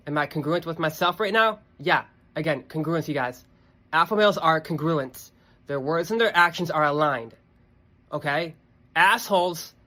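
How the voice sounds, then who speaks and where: A man's voice: a little high, sharp tone. A young man hosting a podcast, talking emphatically in a casual monologue, swearing often and checking in with "okay" and "you guys.". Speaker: podcast host.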